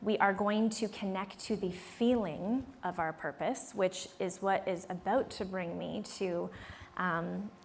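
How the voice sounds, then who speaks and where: Unhurried and gravelly, this mid-range female voice comes with slight background noise. The woman, in her thirties, leads a live workshop in a conference room, telling a conversational story where she plays out the dialogue, laughs often and engages the room directly.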